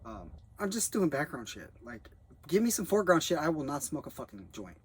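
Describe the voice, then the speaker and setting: A man's voice: on the high side, very animated, brisk, breathy edge. A young man rambling in a loose, profane way as he reviews a film he worked on as a background actor. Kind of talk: rambling casual monologue.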